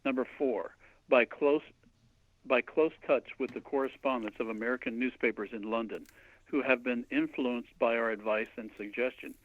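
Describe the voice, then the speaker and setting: A man co-hosting a talk show who reads document passages aloud and explains them plainly. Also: mid-range voice. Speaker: co-host. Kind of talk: conversational talk show discussion. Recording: dry, phone-like line.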